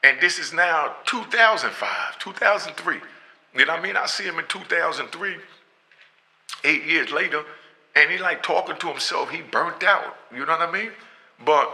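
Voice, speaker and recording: Middle-aged male storyteller, animated and chatty, gravelly with a hard edge. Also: fairly high pitch, low-quality recording. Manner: animated, often asks "you know what I mean", laughs between lines. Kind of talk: casual storytelling.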